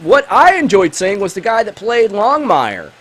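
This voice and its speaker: A man with a high-pitched voice, speaking at a moderate pace, hosts a gaming channel. He combines let's play commentary and a movie review in an excitable, jokey style aimed straight at his viewers.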